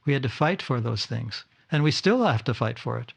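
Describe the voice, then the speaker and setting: A man's voice: medium pitch, animated, brisk, creaky, breathy edge. An older man giving an informal talk to his disciples at a home gathering, often stumbling, repeating words and restarting sentences. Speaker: spiritual teacher.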